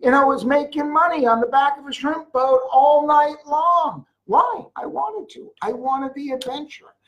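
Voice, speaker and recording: An older speaker giving a motivational sales talk about a jewelry business, telling rambling stories with sudden loud bursts. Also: high voice, a little slow, dull audio. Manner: mocks whiners in a put-on voice.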